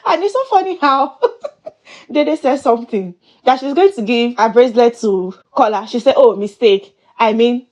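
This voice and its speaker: A woman's voice: fairly high pitch, moderate pace. A woman giving a chatty, playful recap of a reality show. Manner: chatty and animated, with playful exclamations. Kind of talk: casual gossip commentary.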